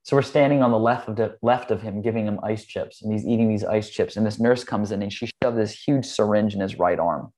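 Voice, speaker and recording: A meditation instructor with a lowish voice talks briskly, with few pauses, in a conversational storytelling style. Earnest but easygoing, he explains ideas and relates a personal experience, with an occasional "um" and "like."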